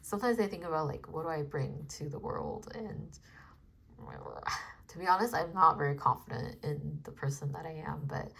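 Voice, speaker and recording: A woman artist chatting casually about her design process, soft-spoken and hesitant, with many fillers. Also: low-pitched, normal speed, creaky, slightly rough. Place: home in Los Angeles.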